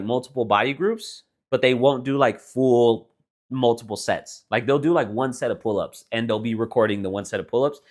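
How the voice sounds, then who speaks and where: A young man from Texas, co-hosting a podcast, telling stories in a laid-back way with lots of fillers and swearing. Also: mid-range voice. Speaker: podcast co-host. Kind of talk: casual chat.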